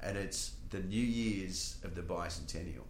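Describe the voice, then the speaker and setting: A man's voice: low voice, unhurried. Brief: Australian man, stand-up comic on a podcast, profane storyteller, in a roomy, echoey room with faint hum. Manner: swears freely, animated when telling stories. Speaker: comedian guest.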